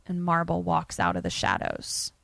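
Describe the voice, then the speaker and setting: A woman's voice: on the low side, sing-song, normal speed, creaky, fairly bright tone, dry recording. A young adult woman co-hosting a podcast, recapping a film in chatty, profane casual speech. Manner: chatty and profane, with many fillers. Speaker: podcast co-host.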